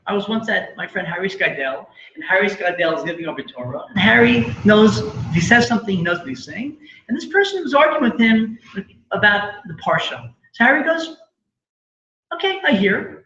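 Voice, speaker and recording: A man with a high voice gives a casual, chatty talk, often tossing in quick checks like "right?" and "correct?". He is recorded live in a roomy hall, and the sound comes through dull. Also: pushed and bright. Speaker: speaker at a live community event. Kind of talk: conversational inspirational talk. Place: event hall.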